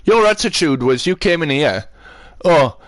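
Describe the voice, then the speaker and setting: Sheffield-accented streamer, irate and sweary, close dry mic, pitched on the higher side. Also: male voice, animated, fairly quick, no echo. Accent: Sheffield English. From Sheffield, England. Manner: ranting, swearing, repeats himself. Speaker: livestreamer. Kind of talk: angry rant to live chat.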